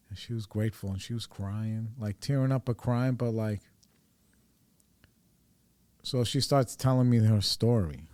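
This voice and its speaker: A man in his forties talks through a personal story for his podcast, rambling and swearing freely. His voice sits low, and the sound is close and dry with no room around it. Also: steady tone, normal speed, a little mellow, no room sound. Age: 40s. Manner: rambling, profane, candid. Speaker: podcast host.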